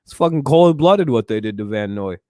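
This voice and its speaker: A man's voice: medium pitch, lively intonation, a little fast, darkish tone, no echo, studio quality. A man hosting a casual live sports talk stream. He talks back to his chat and swears freely. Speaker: streamer host.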